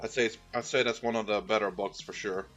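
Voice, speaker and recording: A man's voice: lowish voice, fairly even intonation, fast, fairly bright tone, soft background music. Easygoing man chatting on stream. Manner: rambling, easygoing, many fillers and restarts. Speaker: streamer painting miniatures. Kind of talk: casual chat with viewers. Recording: dull, slightly lo-fi sound.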